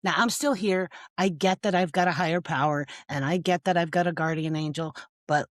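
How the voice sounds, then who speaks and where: A woman's voice: fairly low pitch, a little fast, dry recording, studio quality. A woman founder speaking as an interview guest, earnest and emotional, often laughing and adding "okay?". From United States.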